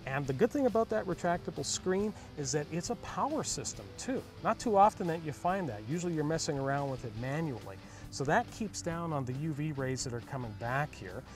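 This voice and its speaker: A man's voice: fairly high pitch, lively intonation, a little fast, hardly any pauses, soft background music. A man co-hosting a car review show, explaining features in an enthusiastic, chatty way.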